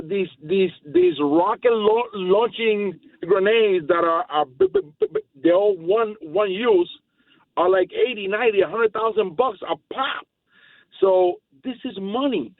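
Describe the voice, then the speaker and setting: A male caller heard over a tinny phone line. His voice is gravelly and fairly high, and his pitch swings a lot. He talks in an emphatic, rambling way. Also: very animated, unhurried, no echo. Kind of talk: casual phone-in chat.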